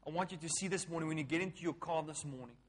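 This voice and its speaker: Pastor preaching emphatically. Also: male voice, on the high side, racing, a little hiss or hum. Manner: emphatic preaching, swinging between loud calls and hushed lines; repetitive, call-and-response phrasing. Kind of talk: sermon.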